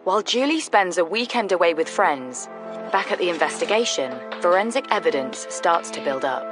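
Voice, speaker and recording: A woman's voice: lowish voice, animated, over music. A woman giving grave, scripted narration for a true crime documentary. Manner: grave, measured.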